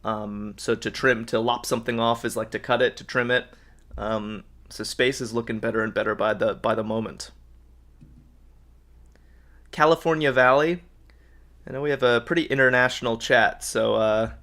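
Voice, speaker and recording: On his live crossword stream, a man with a medium-pitched, slightly bright voice works through the puzzle aloud with upbeat energy, reading viewers' answers as he goes.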